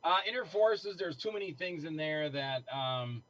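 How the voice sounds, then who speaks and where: Animated middle-aged man telling stories. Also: a little high, moderate pace, no echo, highs cut off. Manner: animated, acts out quoted voices. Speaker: guest filmmaker. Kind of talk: casual storytelling.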